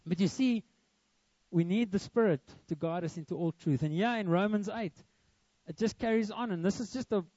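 High-voiced earnest preaching man. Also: normal speed, warm tone, no room sound, dull audio. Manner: earnest, emphatic preaching with repetition. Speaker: pastor. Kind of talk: sermon.

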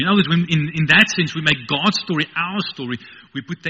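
A man delivers a sermon, his voice bright and a little breathy. He swings from quiet reflection up to emphatic, ringing peaks. The sound is a dull radio broadcast with a long, hall-like reverb. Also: on the high side, animated, fast. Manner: passionate, rising to emphatic peaks. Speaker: preacher.

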